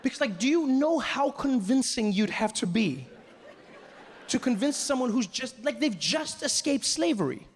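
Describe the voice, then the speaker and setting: A man from South Africa performing a stand-up comedy set, animated and acting out other people's voices. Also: very high-pitched, normal speed. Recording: live hall reverb, faint audience noise.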